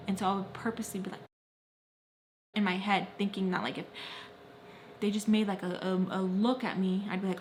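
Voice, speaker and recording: Young woman telling a heavy story to camera, repeats stuff, gets loud then quiet. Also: medium pitch, level tone, fairly quick, long pauses, a little hiss or hum. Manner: repetitive, intense storytelling with sudden loud and soft swings. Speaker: vlogger. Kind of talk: emotional story-time narration.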